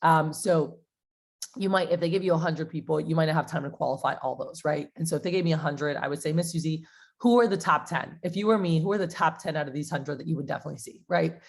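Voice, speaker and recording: A young woman giving a casual sales training talk, chatty, acting out phone calls to customers in a brighter voice. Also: low-pitched, fairly even intonation, fast, creaky.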